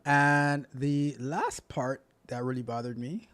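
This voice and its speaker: A man's voice: medium pitch, slow, fairly bright tone. A man hosting his coding channel, talking in a loose, rambling way and repeating himself as he comments. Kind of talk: casual reaction commentary.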